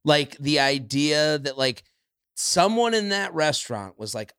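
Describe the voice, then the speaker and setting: A man, a comedian guest on a podcast, trading quick banter in casual chat, laughing and swearing. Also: fairly high pitch, very animated, fairly bright tone, smooth, no room sound, studio quality.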